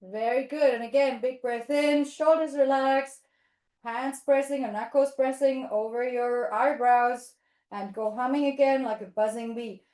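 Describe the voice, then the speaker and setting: Slow, echoey woman leading toddler yoga. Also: sits high. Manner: animated, sing-song, makes animal sounds. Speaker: children's yoga teacher. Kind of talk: leading a playful toddler yoga demo class. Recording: echoey room.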